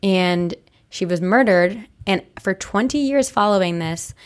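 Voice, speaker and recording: A woman's voice: medium pitch, unhurried. A young woman co-hosting a podcast, telling a story in casual chat, full of likes and restarts. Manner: chatty, many likes and restarts. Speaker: podcast co-host.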